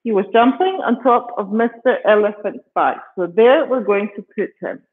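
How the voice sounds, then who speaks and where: A man's voice: sits high, moderate pace, phone-quality sound. A man with a British accent teaching English to children by telling a story, patiently repeating words and often checking "okay?", over a video call.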